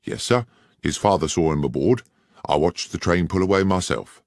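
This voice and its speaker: Man playing a deferential country railwayman, matter-of-fact, deep, gravelly, audiobook. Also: expressive, normal speed, dry recording, studio quality. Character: plain-spoken rural railway stationmaster.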